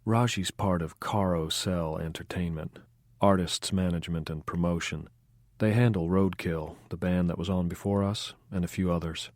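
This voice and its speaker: Male reader as young female club singer, blunt and cynical, low dry read. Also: steady tone, moderate pace, darkish tone, no echo, natural voice. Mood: wry. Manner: dry, matter-of-fact, cynical. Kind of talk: audiobook dialogue.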